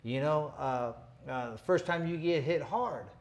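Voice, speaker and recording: A man in his late fifties hosts a boxing chat show and tells stories from the ring in a loose, rambling way, dropping "you know" into nearly every line. His voice sits a bit higher than most men's, and his talk comes across as streetwise and tough. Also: a little slow. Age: 50s. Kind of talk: casual storytelling chat.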